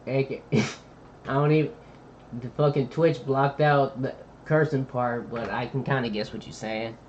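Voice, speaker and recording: Un homme qui commente une vidéo en direct, avec un ton décontracté et un argot détendu. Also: male voice, mid-range voice, fairly even intonation, normal speed, a little mellow, a little hiss or hum. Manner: laid-back slangy chatter, thinking aloud. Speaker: streamer. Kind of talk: casual live-stream reaction commentary. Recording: dull lo-fi mic with faint ambience.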